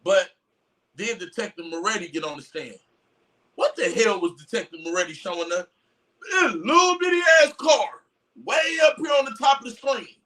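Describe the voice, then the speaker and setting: A man giving a loud, profane, mocking rant of casual commentary on a trial, breaking into shouts. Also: sits high, lively intonation, moderate pace, far from the mic. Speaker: commentary streamer.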